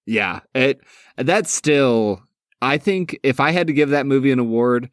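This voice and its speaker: A man's voice: medium pitch, animated, a little slow, smooth, no room sound, studio quality. A man co-hosting a casual podcast, talking enthusiastically and laughing often. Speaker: podcast co-host. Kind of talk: casual chat.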